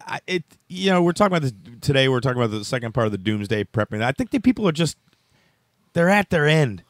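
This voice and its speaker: A man's voice: medium pitch, sing-song, fast talker, dry recording, clean studio sound. A man telling a story in casual chat, rambling with restarts and laughing as he goes.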